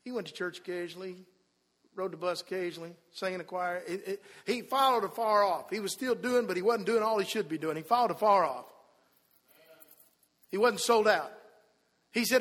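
A man preaching a sermon in a church, telling the story and acting out the people in it, dropping to a hush and then rising loud again. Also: high-pitched, brisk. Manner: storytelling, acts out quoted voices, swings from hushed to loud. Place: church sanctuary. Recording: long hall reverb.

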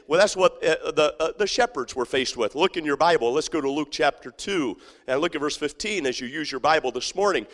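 A man's voice: fairly high pitch, lively intonation, brisk, few pauses, fairly bright tone. A man preaches in a church auditorium, his slightly raised voice ringing with a long hall reverb. He is emphatic and repetitive, circling back with many fillers and restarts. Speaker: pastor. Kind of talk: sermon.

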